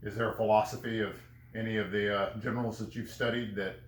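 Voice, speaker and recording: A man's voice: lowish voice, level tone, quick pace. A man hosting a casual conversation, asking questions and giving brief agreeing replies. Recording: roomy echo.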